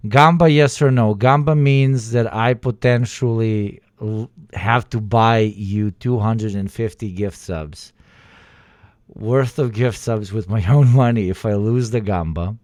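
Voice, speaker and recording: A man hosting a livestream in casual chat, excitable and swearing, pleading loudly with his viewers. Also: fairly low pitch, a little slow, no room sound, clean studio sound. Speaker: livestream host.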